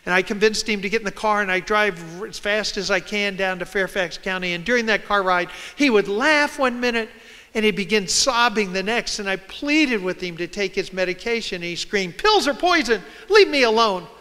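A man speaks to a hall audience in a high, bright, smooth voice. He tells a personal story and acts out the voices of the people in it. The sound carries the long reverb of a large room. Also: fairly quick. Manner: storytelling, acting out quoted voices. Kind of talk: public talk.

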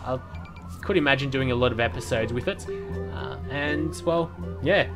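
A man's voice: mid-range voice, moderate pace, music in the background. A man giving casual, rambling commentary while playing a city-building game, with lots of fillers and restarts. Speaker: let's play commentator.

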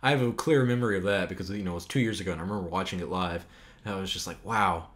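A young man hosting a casual podcast, answering viewer questions in an animated, rambling way, laughing and swearing. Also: low voice, very fast. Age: young adult. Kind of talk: casual chat.

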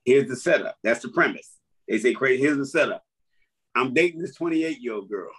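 Husky dude comedian breaking down jokes, voice jumps all over, keeps laughing. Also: male voice, medium pitch, brisk. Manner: animated, laughs through his stories. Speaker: comedian guest. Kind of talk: casual chat explaining jokes.

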